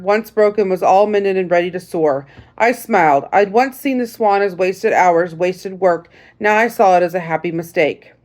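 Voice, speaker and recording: A woman narrating a first-person audiobook in a measured, reflective storytelling manner. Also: medium pitch, a little mellow.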